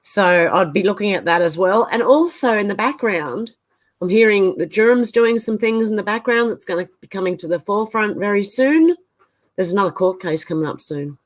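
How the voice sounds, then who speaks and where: A woman's voice: mid-range voice, lively intonation, normal speed. A woman hosting a casual livestream, reading out viewer comments and thinking aloud with hesitant asides. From Australia.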